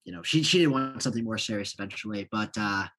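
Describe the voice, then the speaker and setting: Husky, rambling male podcast guest. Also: fairly low pitch, fast. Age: 30s. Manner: relaxed and rambling, many fillers. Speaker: coaching client and guest. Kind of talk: casual podcast interview.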